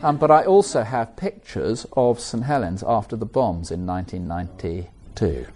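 A middle-aged English man preaching a sermon, animated and conversational with self-mocking asides. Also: on the low side, moderate pace, slight background noise. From England.

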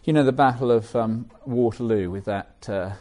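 Middle-aged English preacher, mellow warm voice, animated conversational sermon delivery. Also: male voice, mid-range voice, normal speed. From England. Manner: animated, conversational, with self-mocking asides.

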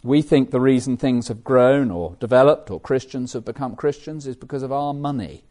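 A middle-aged English man preaching a sermon, animated and conversational with self-mocking asides. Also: mid-range voice, normal speed. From England.

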